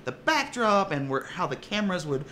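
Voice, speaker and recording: A man with a somewhat high voice chats easily in an interview about playing in a tabletop game. He often restarts and repeats his words and leans on fillers as he goes. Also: sing-song, normal speed, sharp tone, slight background noise. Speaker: tabletop game player and actor. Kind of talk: casual interview chat.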